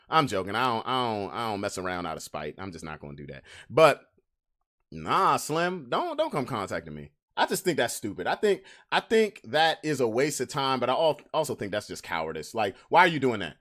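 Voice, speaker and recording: A man's voice: sits high, very animated, a little fast, pushed and bright. A man hosting a podcast, delivering a brash, swaggering comic rant full of trash talk. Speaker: podcast host.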